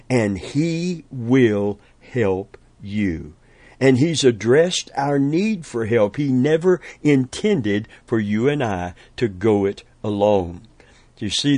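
A man's voice: mid-range voice, a little mellow, dry recording. A man preaching a sermon in an earnest, emphatic way, repeating words for stress.

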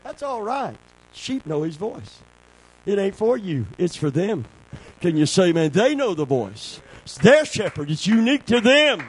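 A man preaching a sermon, calling for amens and swinging between a low hush and a shout. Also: sing-song, a little slow, husky, poor audio.

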